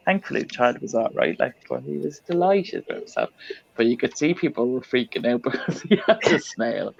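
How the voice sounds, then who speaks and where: Gravelly woman telling a funny story. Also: low-pitched, a little mellow, no room sound. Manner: chatty, laughs often while telling a story. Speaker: host of a crafting livestream. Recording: dull lo-fi livestream audio.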